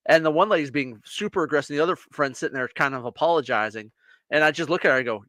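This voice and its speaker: Racing along in a fairly high voice, an American man co-hosting a podcast spins a story in casual chat. He animatedly acts out the people he quotes, and the recording is dry.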